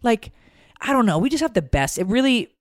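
A woman's voice: on the high side, sing-song, fast talker, dry recording, studio quality. Emotional, swearing woman podcaster. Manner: emotional, rambling, swears freely. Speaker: podcast co-host. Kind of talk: casual chat.

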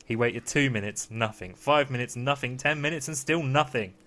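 Brief: young male host, mid-pitched, doing a jokey bedtime read-along, gentle and teasing. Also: moderate pace. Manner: mock-soothing, playful storyteller voice. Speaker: podcast host reading aloud. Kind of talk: comic bedtime-story reading.

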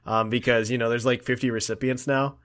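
A man's voice: mid-range voice, flat delivery, fairly quick, a bit bright. A man hosting a casual podcast, talking in a laid-back, rambling way and laughing often. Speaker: podcast host.

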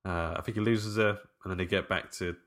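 A man's voice: sits low, fairly even intonation, brisk, fairly bright tone. A man in casual film podcast chat, telling the story loosely and laughing a lot. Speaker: podcast co-host.

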